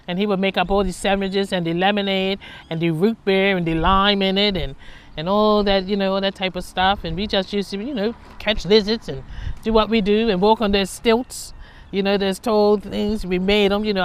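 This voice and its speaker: A woman's voice: mid-range voice, clear, resonant tone. A woman telling her own life story in a candid, conversational way, reflecting on her past and laughing at herself.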